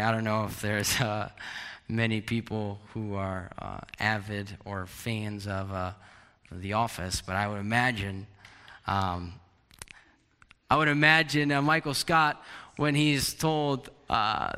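A man preaching a sermon, animated, sometimes acting out a prophet's anguished questions. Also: medium pitch, smooth. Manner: animated, acts out Habakkuk's questions. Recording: long hall reverb.

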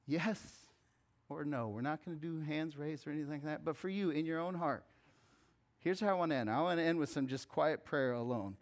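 A pastor preaching a conversational sermon that rises to fervent appeals. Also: male voice, on the high side, fairly quick.

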